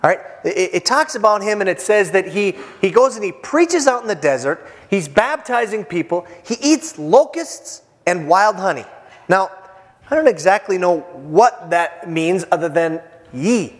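A man's voice: high voice, very animated, measured pace. A man preaching a sermon as pastor, in a casual joking way with many fillers and restarts. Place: church hall. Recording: church hall with long reverb.

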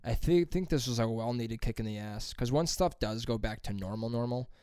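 A man's voice: medium pitch, lively intonation, a little fast, darkish tone, clean tone, no echo, clean studio sound. A young man in casual chat, telling rambling, crude stories and laughing often as he talks.

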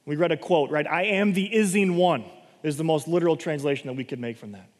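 A man's voice: on the high side, fast. A man giving a conversational Bible teaching, explaining the passages plainly and often checking in with his listeners. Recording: long hall reverb.

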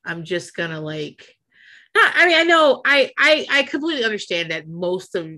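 A woman co-hosting a podcast in casual chat, animated and gossipy, laughing often and swearing freely. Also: mid-range voice, normal speed. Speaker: podcast co-host.

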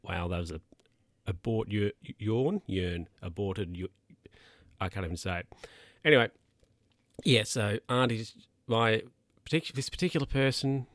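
A man's voice: on the low side, a little slow, long pauses, a bit bright, dry recording, clean studio sound. A man telling stories casually to camera as a vlogger, rambling and chatty. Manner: rambling, chatty, with mock-quoted voices.

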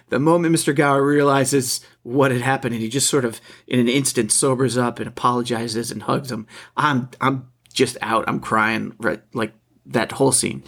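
A man co-hosting a casual film discussion, halting and restarting as he searches for his words. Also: mid-range voice. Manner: halting, repeats words while searching for thoughts. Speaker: podcast co-host.

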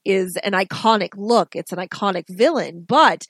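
A woman's voice: medium pitch, lively intonation, moderate pace, no echo. A woman co-hosting a podcast, talking thoughtfully with frequent ums. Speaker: podcast co-host. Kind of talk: casual chat.

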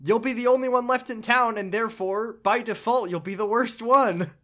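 An earnest young undercover policewoman, as a man puts her on in a high voice. She pleads in a bright, lifted tone well above the speaker's own. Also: moderate pace.

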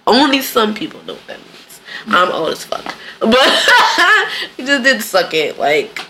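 A woman co-hosting a casual chat, animated, laughing often and acting out quoted voices. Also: fairly high pitch, unhurried, background noise. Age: adult parent of a young son. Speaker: podcast co-host.

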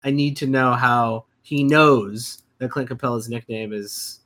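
A man's voice: medium pitch, a little slow, fairly bright tone. A man co-hosting a fantasy basketball podcast, talking casually and emphatically, repeating his points with plenty of fillers. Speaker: podcast co-host.

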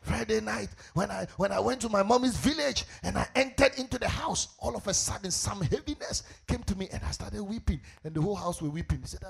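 A Ghanaian man preaching a sermon as pastor, asking the congregation questions and rising into shouted, sing-song swells. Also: high-pitched, brisk, gravelly, hardly any pauses, husky.

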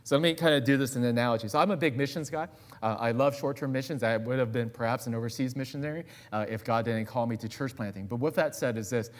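A man's voice: mid-range voice, fast talker. A man preaching a sermon as guest pastor in a church, conversational and full of personal asides.

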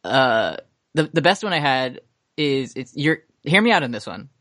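A man's voice: medium pitch, very animated, normal speed, sharp tone, no echo, clean studio sound. A man in his twenties hosting a podcast in casual chat, rambling and self-mocking, often laughing at his own stories. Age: 20s. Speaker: podcast host.

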